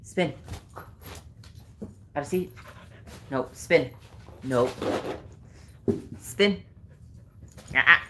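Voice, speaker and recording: Low, slow-talking woman playing with her dog. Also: a bit bright, a little hiss or hum. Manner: teasing baby-talk to the dog, often laughing. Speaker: vlogger. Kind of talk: casual chat while playing with and training a dog. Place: at home with a pet dog. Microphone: handheld camera.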